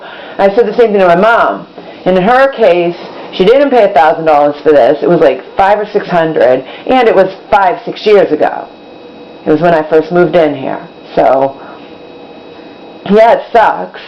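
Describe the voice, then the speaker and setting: A woman's voice: mid-range voice, normal speed. A woman talking to the camera in a rambling, exasperated way, repeating herself as she goes, in her kitchen at home. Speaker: vlogger. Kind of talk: casual vlog monologue. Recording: slightly dull, faint background hum.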